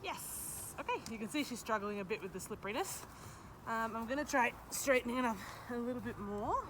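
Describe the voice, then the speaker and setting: Teaching her dogs a trick, a woman with a fairly high, expressive voice chats casually at a slightly fast pace. She keeps interrupting herself to praise and cue the dogs, and beeping cues can be heard. She's a dog trainer, recorded outside with a lot of noise.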